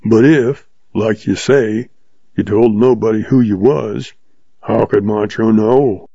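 Man doing a cranky old one-legged ranch boss, gruff growl, low and dark, dry lo-fi audiobook. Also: fairly even intonation, takes it slowly, no room sound, full character voice. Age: older. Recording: dull lo-fi dry recording.

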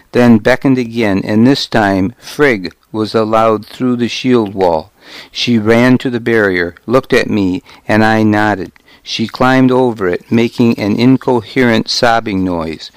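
Low slow guy narrating a first-person audiobook, dry close mic. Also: dry recording. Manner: measured, deliberate storytelling.

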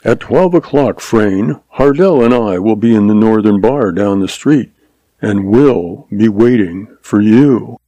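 A hard western gunman speaks low and slow, never raising his voice, every word clipped and cold. A man plays him in a dark, mellow tone, recorded dry and close. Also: expressive, no room sound. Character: cool hard male gunman, unhurried.

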